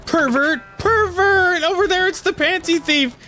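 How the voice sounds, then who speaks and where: A man doing a shrill, shrieking woman. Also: sing-song, moderate pace, a bit bright, slight background noise, full character voice. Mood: alarmed. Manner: shrieking, accusing. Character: shrill woman shouting about a thief.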